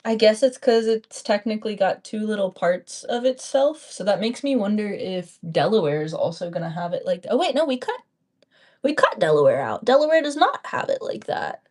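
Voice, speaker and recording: A woman's voice: mid-range voice, animated, moderate pace, a little mellow. A young woman with a Texan accent, chatting playfully on a casual live stream while she crafts and talks to her viewers. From Texas.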